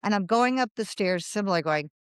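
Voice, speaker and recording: A woman's voice: medium pitch, lively intonation, moderate pace, dry recording, studio quality. A woman in her fifties, a writer, telling a long, rambling anecdote in a casual interview, acting out quoted dialogue and laughing along the way. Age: 50s. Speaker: guest, writer.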